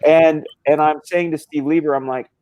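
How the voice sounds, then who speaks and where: A man's voice: on the high side, steady tone, moderate pace, darkish tone, clean tone, no room sound, highs cut off. A man hosting a casual live stream, telling a rambling story with lots of swearing and restarts. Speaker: stream host.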